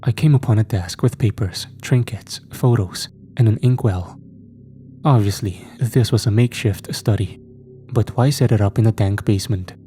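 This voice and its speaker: Man, horror story narration, low pitch, dark mellow tone, steady delivery. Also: moderate pace, soft background music.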